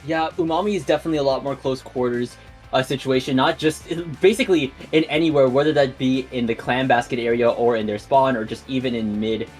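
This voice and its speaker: A man's voice: medium pitch, faint music behind. A man commentating an online video game tournament live, calling the action and laughing along. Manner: rapid excited play-by-play, laughing. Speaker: esports commentator. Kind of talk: play-by-play commentary.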